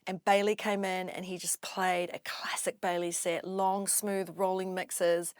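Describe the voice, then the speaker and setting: New woman, 40s, chatty guest doing all the voices in her stories, mid pitch, dry close sound. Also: measured pace, clean tone, dry recording. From New Zealand. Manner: animated, acts out quoted voices. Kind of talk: casual storytelling interview.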